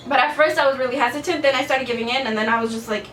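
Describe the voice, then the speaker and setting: A high-voiced young woman chats to camera about her dating life, blunt and casual, with a lot of "like" and plenty of swearing. She sounds a little far from the mic in an echoey room with faint room noise. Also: steady tone, very fast, a bit bright. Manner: chatty, blunt, swears freely, lots of "like". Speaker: vlogger.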